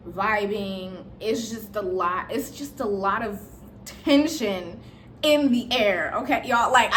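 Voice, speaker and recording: A young woman telling a story from her life in casual chat, animated and playful, jumping up in pitch for emphasis. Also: a little hiss or hum.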